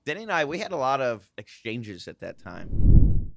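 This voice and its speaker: A man in his thirties telling a casual, animated story on a podcast, acting out the voices of the people in it. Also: mid-range voice, normal speed, vocal fry, background noise. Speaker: guest host, former racing driver.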